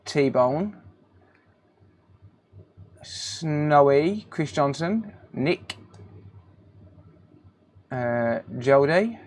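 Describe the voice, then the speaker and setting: Slow-talking man greeting stream chat. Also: on the high side. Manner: relaxed, greets chat viewers by name, calls them mate. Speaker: live stream host, repair technician. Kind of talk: casual live stream chat.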